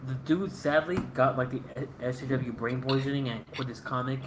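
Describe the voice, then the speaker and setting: A man's voice: mid-range voice, normal speed. A man telling a story on a live stream, tripping over words and acting out every quote. His mic sits in a roomy, echoing space. A faint hiss runs underneath. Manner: animated storytelling, stammers and acts out quotes. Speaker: stream co-host. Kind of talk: casual chat on a live stream. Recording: roomy echo, faint noise.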